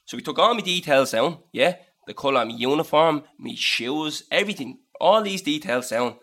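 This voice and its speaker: A man in his late twenties with a Dublin accent, co-hosting a podcast and telling a story in casual, animated chat, swearing and acting out the people in it. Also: a little high, moderate pace. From Dublin, Ireland. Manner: animated, swearing, acts out voices in anecdotes.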